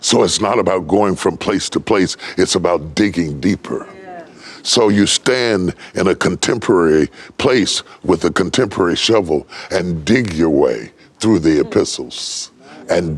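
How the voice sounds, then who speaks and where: An older man from West Virginia preaching a sermon, building from low, slow telling to high, ringing shouts. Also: husky. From West Virginia, United States. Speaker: pastor.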